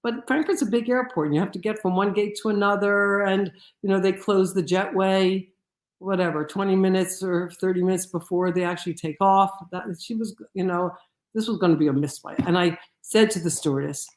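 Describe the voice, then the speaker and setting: A woman giving a lecture, telling a personal story in an animated way with many restarts. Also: mid-range voice, a little fast, reverberant.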